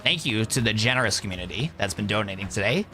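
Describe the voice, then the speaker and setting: A man's voice: on the low side, animated, fast, pushed and bright, soft background music. A young man chatting casually on a live stream, rambling and laid-back, calling his viewers "bro".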